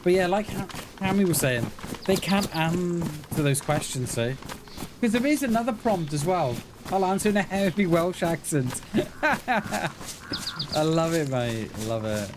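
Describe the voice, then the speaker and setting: Slow-talking man streaming a game. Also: fairly high pitch, lively intonation. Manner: rambling, chummy, addresses chat as mate and buddy. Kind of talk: casual live-stream chat while playing. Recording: clear game noise behind the voice.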